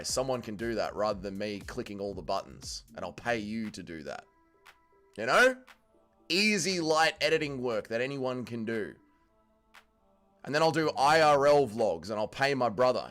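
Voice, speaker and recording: A man's voice: mid-range voice, fairly bright tone. Blunt, profane man streaming. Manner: blunt, profane banter with chat. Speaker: streamer hosting a fight watch-along. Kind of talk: casual livestream commentary, reading chat aloud.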